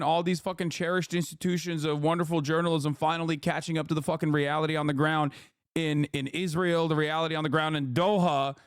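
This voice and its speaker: A male livestream commentator talking in a fired-up, swearing rush of casual commentary. His voice sits fairly high, and the sound is close and dry with no room around it. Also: no echo. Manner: heated, profane, rambling.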